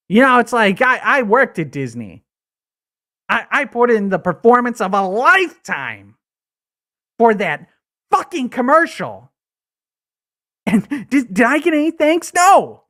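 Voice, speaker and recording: A man's voice: high voice, sharp tone, heavily acted. A man putting on a bitter, crude, coked-up male commercial actor who rants and stammers for a comedy livestream. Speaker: livestream host. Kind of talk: comedic character rant.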